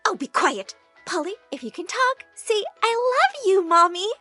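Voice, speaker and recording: A woman voicing a mother in an animated story who speaks in a dismissive, scolding way. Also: very high-pitched, unhurried, no echo, soft background music, voice pushed up, full character voice. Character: doting but unfair mother, dismissive.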